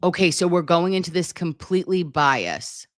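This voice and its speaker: A woman hosting a casual live stream, reading chat comments aloud in an animated, chatty way and swearing freely. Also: on the low side, moderate pace, dry recording, studio quality.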